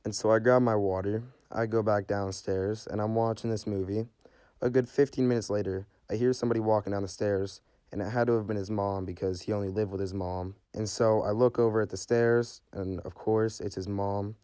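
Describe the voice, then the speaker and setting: A teenage guy rattles off a casual storytime at a quick clip, his voice low, mellow and smooth. He rambles, filling gaps with "like" and "you know", and swears freely. The sound is close and dry. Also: fairly even intonation, no echo.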